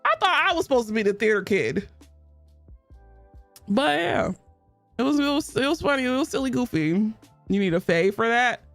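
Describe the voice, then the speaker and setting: A woman's voice: a little high, lively intonation, normal speed, long pauses, fairly bright tone, no room sound, faint music behind. A young woman streaming a game, chatting casually in a blunt, profane way and laughing often.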